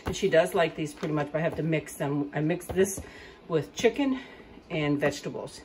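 A woman's voice: low-pitched, moderate pace, a little mellow, a little hiss or hum. A woman filming a casual home vlog, talking to her dog in a sing-song baby voice and chatting about her dog's routine on a handheld phone. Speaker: vlogger and pet owner. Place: home and yard, indoors and outdoors.

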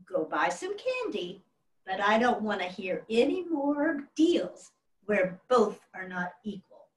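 A woman puts on a folksy frontier father with a slow country drawl, stern but gentle, and a little louder than her own telling. It is heard in a roomy hall from a distant mic. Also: medium pitch, sing-song. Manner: drawling, plain country speech.

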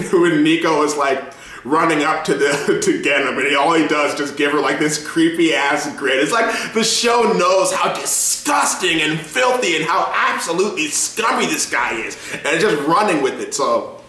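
A man giving a casual reaction review, excitable and profane, laughing often as he talks. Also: fairly high pitch, roomy sound. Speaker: show reviewer.

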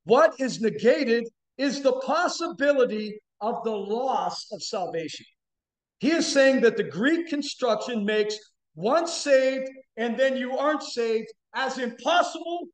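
A man preaching a sermon as a guest speaker, building to emphatic, shouted bursts. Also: extremely high pitch, animated, unhurried. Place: church sanctuary. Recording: echoey church room.

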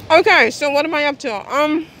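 A woman's voice: high voice, a bit bright. A woman chatting casually to her camera outdoors, rambling and talking while she eats. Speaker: vlogger. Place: outdoors in hot weather. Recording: faint background noise.

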